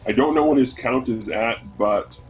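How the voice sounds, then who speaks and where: A man's voice: medium pitch, moderate pace, rough recording. Male co-commentator from the northeastern US, rambling delivery, faint background music. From Northeast United States. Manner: rambling, many fillers and restarts. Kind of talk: casual speedrun commentary.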